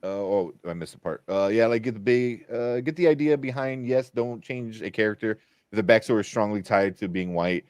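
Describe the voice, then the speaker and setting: A man's voice: fairly low pitch, brisk, a little mellow, no room sound. A man hosting a casual film podcast, rambling with many fillers and frequent laughs. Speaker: podcast host. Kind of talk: casual chat.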